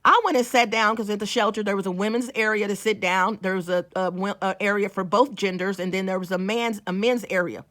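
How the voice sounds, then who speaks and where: A woman's voice: medium pitch, fairly even intonation, a little fast, hardly any pauses, fairly bright tone. A woman, a small-business owner, telling a story to her viewers in a casual vlog. She is chatty, restarts her sentences and talks straight to the audience.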